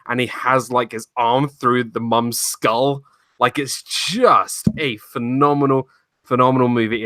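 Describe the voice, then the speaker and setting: A man's voice: mid-range voice, pushed and bright, dry recording. Enthusiastic American man, dry sound. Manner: enthusiastic, gushing. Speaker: podcast co-host. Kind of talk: casual movie chat.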